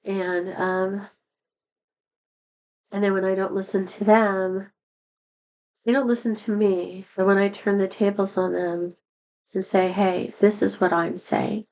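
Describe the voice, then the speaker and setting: On a low-quality recording, a middle-aged woman with a medium-pitched, slightly mellow voice talks to the camera at a measured pace, pausing often and moving her pitch very little. Her personal vlog is rambling, confessional, sad and candid. She sounds a little worn, her voice not yet at full strength after an illness.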